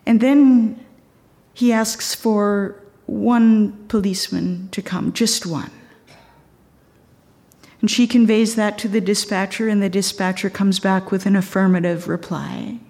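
A woman retelling a true story in an earnest, measured way. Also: medium pitch, fairly even intonation, darkish tone, long reverb tail. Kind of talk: storytelling talk.

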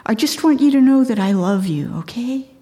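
A woman's voice: on the high side, animated, normal speed, warm tone, voice pushed up, close to an everyday voice. A woman voicing a caring woman talking a frightened man down, in a soothing, reassuring tone.

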